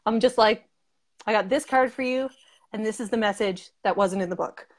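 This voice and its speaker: A woman's voice: medium pitch, normal speed. Bubbly, chatty young woman guest. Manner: gushing, chatty, frequent "like" and laughs. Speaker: interview guest, group member. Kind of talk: casual chat.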